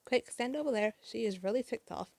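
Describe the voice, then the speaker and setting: A woman's voice: a little high, brisk, gravelly, a little mellow, dry recording. A woman reading the lines of a worried, clever young boy sidekick from a comic, anxious and urgent.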